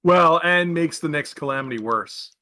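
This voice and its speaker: Bright-voiced man at a game table. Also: on the high side, normal speed, no echo. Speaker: player. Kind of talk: casual tabletop play.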